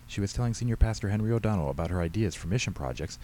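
A man, the author, reading his own short story aloud in measured storytelling narration. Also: on the low side, animated, dark tone, slight background noise, poor audio. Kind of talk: scripted narration.

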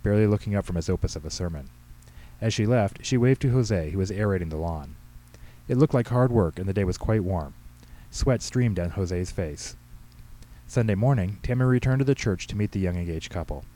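A man reads his own humorous story aloud with a brisk, wry delivery. His voice is low and mellow, and he moves through the text at a fast clip. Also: poor audio. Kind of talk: storybook narration.

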